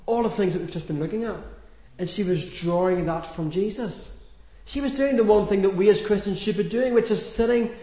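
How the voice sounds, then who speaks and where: A man's voice: high-pitched, a little mellow, roomy sound. A man giving a sermon in a chatty, homely storytelling manner with light humour. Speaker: preacher.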